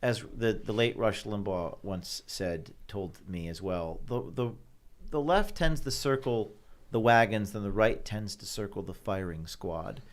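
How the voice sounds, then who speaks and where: A man's voice: fairly low pitch, animated, unhurried. A man in his thirties talking as a guest on a panel discussion, repeating words as he searches for his phrasing. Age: 30s. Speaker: guest journalist.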